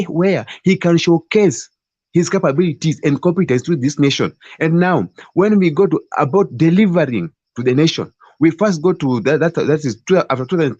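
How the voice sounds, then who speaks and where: A man's voice: on the high side, a little mellow, slightly rough, no echo. A man with a Kenyan accent making a passionate political case in an online debate, often repeating and restarting his words. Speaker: debate participant. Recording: dull, lo-fi online call audio.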